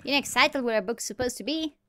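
A woman's voice: a little high, racing, sharp tone. A woman giving rambling, playful let's-play commentary as she plays alone, talking to herself and to the animals she meets. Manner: rambling, playful self-talk. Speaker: gamer playing solo.

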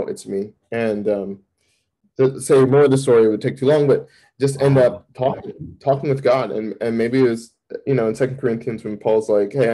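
A man, a campus minister, giving a candid personal testimony in an interview, telling it vividly with sudden jumps in pitch. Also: mellow, rough recording.

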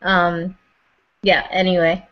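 A woman's voice: on the low side, little pitch movement, slow. A woman co-hosting a casual discussion, asking long rambling questions with many restarts. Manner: talks in long questions full of restarts and fillers. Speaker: podcast co-host. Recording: dull lo-fi recording.

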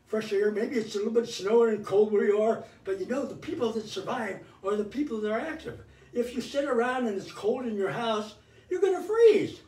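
Older male fitness host, high and animated, energetic coaching, roomy mic from a distance. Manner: energetic, cheering coaching with counted cues. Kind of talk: live workout instruction. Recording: roomy sound from away from the mic.

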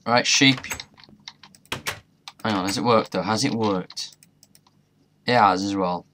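A young man with a lowish, sharp-toned voice speaks slowly as he plays a modded game. He chats and mutters to himself, swearing mildly at times, while keyboard and mouse clicks sound faintly in the background.

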